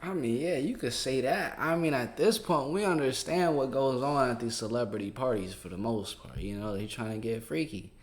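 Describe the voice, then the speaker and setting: A man hosts a casual reaction commentary, dropping slang and jokes in a laid-back way. His voice sits at an ordinary middle pitch. He talks loosely, as if chatting with friends. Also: normal speed, few pauses. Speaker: commentary host.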